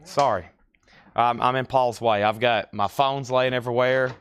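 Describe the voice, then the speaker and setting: Smooth-voiced man calling a live record sale. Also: mid-range voice, fairly even intonation. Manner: rapid listing of prices and conditions, chatty asides. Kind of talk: live record auction patter.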